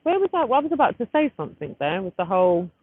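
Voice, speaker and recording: A woman's voice: medium pitch, sing-song, rapid-fire, breathy edge, no echo. A woman in her thirties chatting casually on a live stream, rambling and breaking off to fiddle with her phone, outdoors at a street gathering. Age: 30s. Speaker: livestreamer. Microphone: phone camera. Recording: tinny phone-like audio with faint noise.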